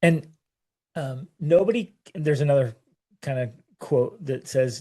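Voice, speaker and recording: A man co-hosting a parenting talk, telling a personal story in a halting, emotional way, full of restarts and repeated words. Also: fairly high pitch, warm tone. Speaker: parenting show co-host.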